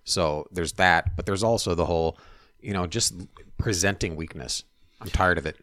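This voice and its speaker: Deep-voiced blunt man, dry sound. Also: moderate pace, a bit bright, no room sound. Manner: blunt, profane, with frequent restarts. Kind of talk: casual political chat.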